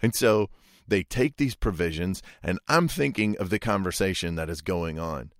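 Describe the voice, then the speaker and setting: A man's voice: low voice, lively intonation, moderate pace, no echo, studio quality. A man preaching a sermon, retelling a story in a folksy, conversational way and asking listeners rhetorical questions. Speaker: pastor.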